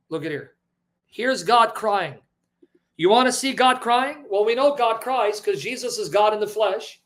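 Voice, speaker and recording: A man with a notably high voice teaches scripture with passion. He keeps asking his listeners questions and shifts between forceful emphasis and quiet, hushed delivery. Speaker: Christian preacher. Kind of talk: impassioned Bible teaching.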